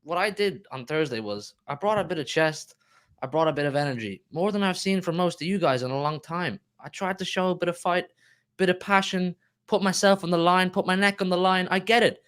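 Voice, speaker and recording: A man on a football panel who rambles, halts and pokes fun at himself. His voice is slightly higher than most men's. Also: a bit bright, clear, resonant tone. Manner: rambling, halting, self-deprecating. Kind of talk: casual chat.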